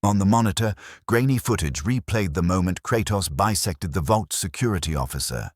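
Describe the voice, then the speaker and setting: A man's voice: sits low, lively intonation, moderate pace, dry recording, clean studio sound. A man giving brooding, theatrical scripted narration of a story.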